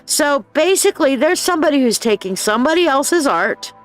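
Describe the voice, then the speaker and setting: A woman's voice: high-pitched, animated, a little fast, faint music behind. A woman hosting a psychic live stream in casual chat. She reads viewers' posts aloud, acts out the people in them with bold voices, and talks bluntly and with profanity, calling viewers babe and dear.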